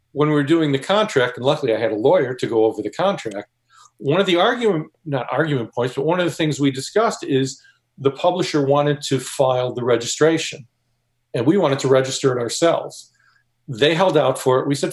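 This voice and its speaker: A man co-author on a discussion panel, explaining steps and telling anecdotes. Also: on the high side.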